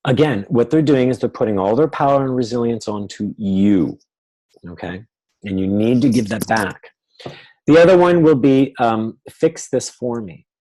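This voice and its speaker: A man's voice: mid-range voice, expressive, normal speed, dark tone, rough recording. A man leading a live webinar, explaining ideas and acting out what clients say in quoted voices. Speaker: webinar teacher.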